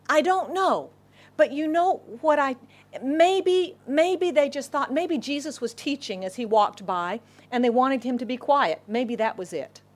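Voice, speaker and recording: A middle-aged woman preacher delivers a sermon, her voice sitting a little high. She tells the story with animation, acting out the crowd and sometimes sinking to a whisper. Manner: drops to a whisper for inner thoughts. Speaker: pastor.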